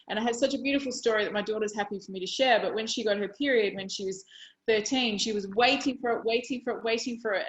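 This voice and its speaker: A woman in her forties, a parenting educator, answering interview questions in a conversational storytelling way, often restarting her sentences. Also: mid-range voice. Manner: warm storytelling with repeated restarts. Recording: echoey room.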